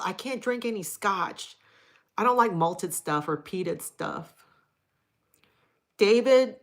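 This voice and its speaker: Middle-aged woman, livestream host, low-ish voice, blunt, casual and profane. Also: fairly bright tone. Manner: frank and profane, chatty. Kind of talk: casual live chat reading viewer comments.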